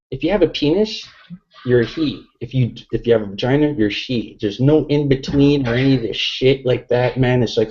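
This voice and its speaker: A middle-aged man, a few beers in, rambles crudely through a casual podcast chat, leaning on fillers. His voice is dark and mellow. The sound is dull and lo-fi, like an online call. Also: mid-range voice. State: tipsy from drinking beer. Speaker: podcast guest.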